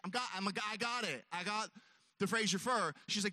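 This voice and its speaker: A man's voice: high voice, fast, pushed and bright, dry recording. A man telling a long self-mocking story on stage, acting out his own voice and others' as he goes. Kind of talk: stand-up storytelling.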